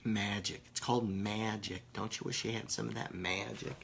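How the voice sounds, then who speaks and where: A stoned man rambling through a casual live vlog, swearing and bantering with viewers, sometimes dropping to hushed asides. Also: on the low side, flat delivery, normal speed, gravelly, slight background noise. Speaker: vlogger.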